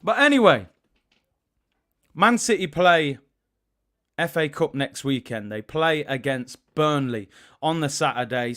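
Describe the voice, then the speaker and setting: Animated man hosting a football live stream. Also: a little high. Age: 30s. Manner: animated, shouting out viewers and reading super chats. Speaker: host of a football watch-along stream. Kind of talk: casual live-stream chat.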